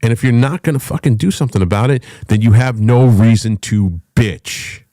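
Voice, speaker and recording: A middle-aged man hosting a talk show, ranting with loud, profane, emphatic delivery and a voice that swings up and down. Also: mid-range voice, normal speed, no echo, clean studio sound. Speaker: podcast host.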